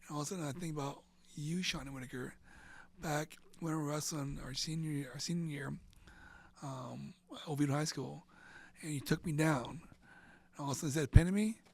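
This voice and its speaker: A man's voice: on the high side, fairly quick, gravelly, slightly rough, no room sound. A middle-aged man from central Florida, an interview guest, telling an emotional story in a rambling way, often saying "and all of a sudden" and sometimes dropping almost to a whisper.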